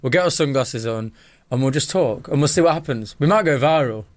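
An English man co-hosts a casual football podcast, ranting animatedly in a brisk, mid-range voice with lively intonation. The talk is casual banter, and he repeats himself for emphasis.

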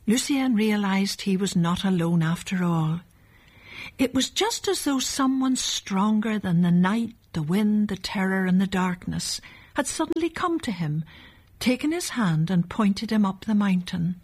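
A woman narrating a children's storybook in a gentle, measured way. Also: medium pitch, animated, slightly rough.

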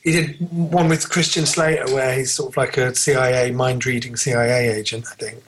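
A man's voice: medium pitch, flat delivery, fairly quick, background noise. A man co-hosting a casual film podcast, rambling through trivia with many fillers and restarts. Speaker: podcast co-host.

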